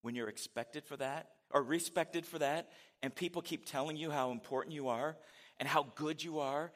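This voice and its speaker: The pastor's voice is fairly high and fairly bright, moving at an ordinary speed. He keeps the sermon conversational, asking the congregation rhetorical questions and giving scripture readings a dramatic inflection.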